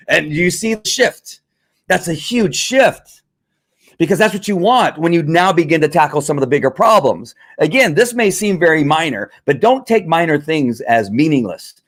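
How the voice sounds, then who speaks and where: A man's voice: a little high, lively intonation, normal speed. A man hosting a live stream, explaining dog training in a conversational, repetitive teaching manner with fillers. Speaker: livestream host and dog trainer.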